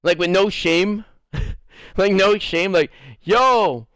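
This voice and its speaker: Young male streamer, fairly high voice, dry close sound, animated and profane, rambling casual storytelling. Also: slow pace, smooth, dry recording. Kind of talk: casual storytelling while gaming.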